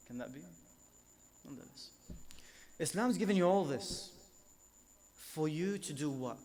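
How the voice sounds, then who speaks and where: A man delivering a religious lecture at an Islamic centre, speaking emphatically and building up force on repeated phrases. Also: medium pitch.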